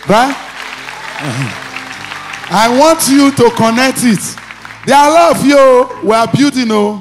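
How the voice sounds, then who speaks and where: Nigerian pastor, higher-pitched man. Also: lively intonation, measured pace, soft background music, some chatter behind. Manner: commanding, repeats short phrases, breaks into shouting. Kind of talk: sermon and deliverance prayer. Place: church.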